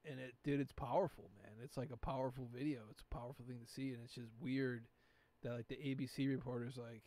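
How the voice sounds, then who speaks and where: Male podcast host, middle-pitched voice, rambling and profane, casual chat. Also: level tone, quick pace, warm tone, no echo. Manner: rambling, profane, heavy filler words.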